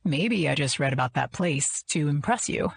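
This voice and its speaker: A woman's voice: sits low, expressive, normal speed, no room sound, full character voice. Carter, a woman doing a suave dry-witted rich man. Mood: dry teasing. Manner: smooth, dry, cultured. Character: suave, teasing wealthy man, dry wit.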